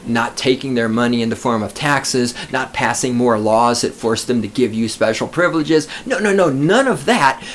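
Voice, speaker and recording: A man's voice: medium pitch, a little hiss or hum. A man hosting a podcast, ranting alone in a sarcastic, profane, mocking way. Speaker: podcast host. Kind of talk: sarcastic solo podcast rant.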